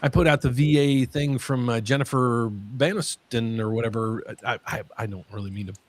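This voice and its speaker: A man hosting a mortgage Q&A stream, talking in an excitable way and often repeating his words. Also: mid-range voice, moderate pace. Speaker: mortgage lender host.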